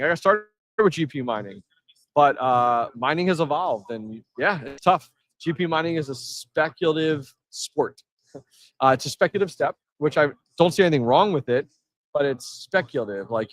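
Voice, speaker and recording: Broadcasting live from an event floor, a man with a slightly high voice chats casually and fires back at his chat with energy. He reads comments aloud and makes quick asides. There's no echo.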